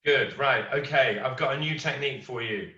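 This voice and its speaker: A middle-aged man teaches a martial arts class, switching between lively storytelling and step-by-step instruction. His voice is bright and carries, but it was captured from a distance in a roomy, echoing space with a dull, lo-fi sound. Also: medium pitch, normal speed. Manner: storytelling, animated quoting of others.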